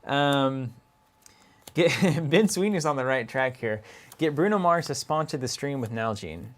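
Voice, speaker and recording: A man in casual conversation, reading out viewer comments on a stream with easy laughter. His voice sits at an ordinary middle pitch, relaxed and unhurried. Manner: chatty, laughs often, reads names aloud. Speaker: co-host of a card game stream. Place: office.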